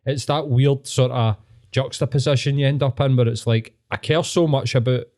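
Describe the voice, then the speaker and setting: A man's voice: mid-range voice, fairly even intonation, normal speed, darkish tone. A man with a Glaswegian Scottish accent, a podcast guest talking earnestly and reflectively, swearing and saying "mate" a lot. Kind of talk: casual podcast chat.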